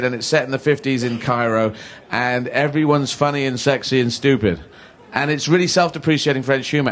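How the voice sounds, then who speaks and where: A man's voice: medium pitch, fairly bright tone. A British man, a stand-up comedian, chatting casually in a rambling, jokey way with many fillers. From Britain. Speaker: comedian guest. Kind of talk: casual comic chat.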